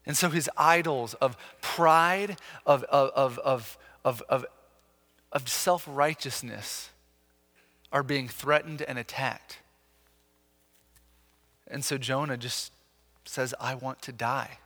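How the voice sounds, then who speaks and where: A man preaching a sermon as pastor, talking earnestly with lively emphasis and frequent restarts. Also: mid-range voice, slow pace, long pauses, long reverb tail.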